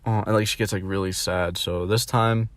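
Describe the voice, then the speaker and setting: A young man tells a rambling personal story in a casual vlog. His voice sits a little low. He leans heavily on fillers and swearing as he talks. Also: steady tone, normal speed, dry recording. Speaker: vlogger.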